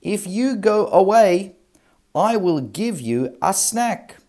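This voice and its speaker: A man's voice: high-pitched, very animated, takes it slowly, a little mellow, voice pushed up, heavily acted. A man voicing a brave young male snail who speaks firmly and plainly.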